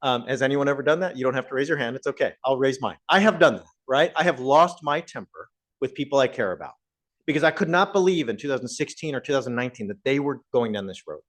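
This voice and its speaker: A man's voice: mid-range voice, expressive, quick pace. A man and professor giving a conversational public talk to a live audience, often putting questions to the listeners. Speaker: guest speaker, professor.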